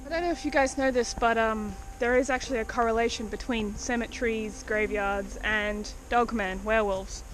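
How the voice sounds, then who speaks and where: A woman's voice: a little high, fairly even intonation, normal speed, hardly any pauses, noisy background. A woman vlogging as she explores an overgrown cemetery outdoors in the rain, chatty and exclamatory, talking straight to her viewers. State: out of breath while walking. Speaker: cryptid-hunting vlogger. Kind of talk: casual vlog commentary while exploring.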